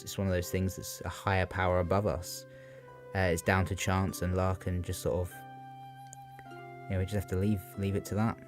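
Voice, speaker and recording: A young man talking through a poem for revision, unscripted and hesitant, with many fillers. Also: low voice. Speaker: student giving revision analysis. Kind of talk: unscripted spoken revision talk. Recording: faint guitar music behind.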